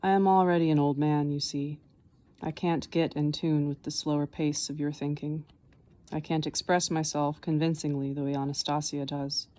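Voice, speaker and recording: A woman reading the part of a soft-spoken, patient old man in an audiobook, explaining things calmly. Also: low voice, close to an everyday voice. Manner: calm, unhurried explaining.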